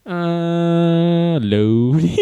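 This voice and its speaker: A man's voice: on the high side, huge pitch swings, extremely slow, highs cut off, very noisy. A man hosting a casual livestream, reading chat messages and news aloud with sarcastic, mocking asides. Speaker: livestream host.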